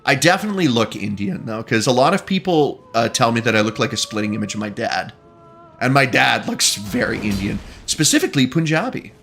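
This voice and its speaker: A young man with a faint Eastern Canadian lilt chats while he streams a game. His pitch swings a lot, and he keeps drifting into long asides. He laughs often as he talks. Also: animated, fairly quick, fairly bright tone, faint music behind. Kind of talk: casual chat while gaming.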